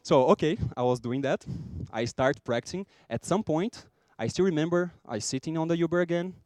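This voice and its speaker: Brazilian man giving a lively talk. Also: on the high side, a little fast, dry recording, clean studio sound. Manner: lively, acts out little scenes and jokes with the audience. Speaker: conference speaker. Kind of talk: conference talk.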